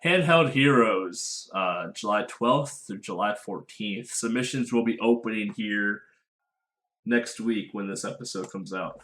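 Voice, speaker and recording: A man's voice: on the low side, steady tone, measured pace, a bit bright. A man co-hosting a casual podcast, joking and laughing often as he talks through upcoming speedrun events. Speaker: podcast co-host. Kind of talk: casual chat.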